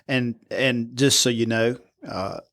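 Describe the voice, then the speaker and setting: A man's voice: medium pitch, takes it slowly, a bit bright. Guy hosting a fishing podcast, teasing, stumbles over his words a lot. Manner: teasing, laughs easily, stammering restarts. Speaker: podcast host. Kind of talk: casual chat.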